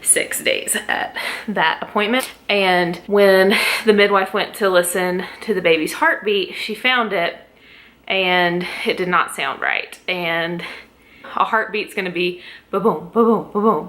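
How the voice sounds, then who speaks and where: A young adult woman vlogger tells a pregnancy story at home in a casual vlog. Her voice is fairly low, unhurried and a bit bright, and she's emotional and near tears, laughing between lines.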